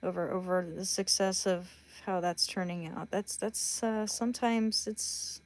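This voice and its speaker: Woman, livestream host, casual chat, blunt and chatty, medium pitch. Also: steady tone, measured pace. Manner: blunt, chatty, talks straight to viewers.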